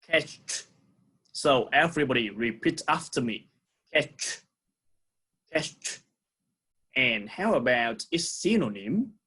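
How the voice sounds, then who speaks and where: A man with a Vietnamese accent teaching an English lesson to young pupils, saying words slowly and repeating them for the class. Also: medium pitch, very animated, bright, forceful tone, husky. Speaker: primary school English teacher. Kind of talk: recorded online lesson.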